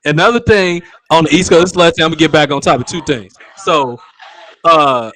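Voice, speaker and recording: A man's voice: fairly high pitch, a little fast, bright, forceful tone. A man hosting a casual talk show, joking and teasing the people around him. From western United States. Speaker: host. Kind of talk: casual chat.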